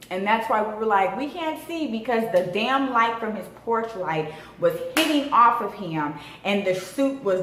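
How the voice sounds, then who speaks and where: Woman in her 30s ranting through a storytime, voice jumping all over, echoey room w/ faint hiss. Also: mid-range voice. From Southern California. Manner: animated, dramatic storytelling with lots of swearing and slang. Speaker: vlogger. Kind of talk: storytime vlog.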